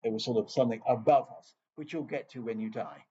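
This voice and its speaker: English guy lecturing on scripture, rambly and wry, mid-pitched voice, kinda muffled recording. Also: fast, warm tone, a little hiss or hum. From England. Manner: chatty, digressive, wry asides with laughs. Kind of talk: informal Bible lecture.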